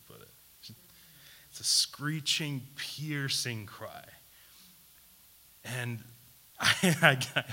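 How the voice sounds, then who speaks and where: A man preaching a sermon, putting questions to his listeners and repeating key words for emphasis, swinging between loud and hushed delivery. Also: mid-range voice. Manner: asks the audience questions, emphatic repetition.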